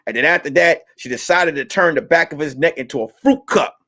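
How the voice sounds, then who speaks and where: A man hosting a comedy talk stream, ranting loudly and profanely about the news. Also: on the high side, fairly quick. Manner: loud, animated, profane ranting. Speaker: comedian host. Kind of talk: comedic commentary.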